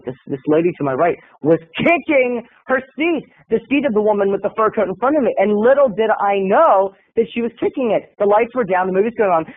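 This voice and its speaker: A man with a high voice that swings widely tells a story in a theatrical, animated way and acts out each person's voice. The sound is dry and thin, like it came through a phone line. It has the feel of a solo video blog monologue. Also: dry recording. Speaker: video blogger.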